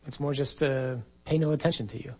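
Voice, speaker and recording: A man's voice: mid-range voice, steady tone, a little fast, darkish tone, low-quality recording. A man, a priest, giving a conversational sermon and acting out the voices he quotes.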